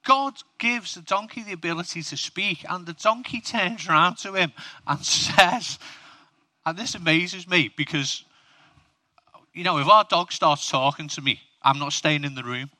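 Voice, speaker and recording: A man's voice: high-pitched, normal speed, pushed and bright. A man preaching a humorous sermon, chatting with his audience and asking them questions.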